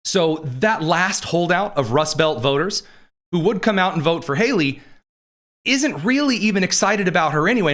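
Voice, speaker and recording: A man's voice: fairly high pitch, bright, forceful tone. A man hosting a political commentary show, talking in a sarcastic, rambling way. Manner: sarcastic, digressive. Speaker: host.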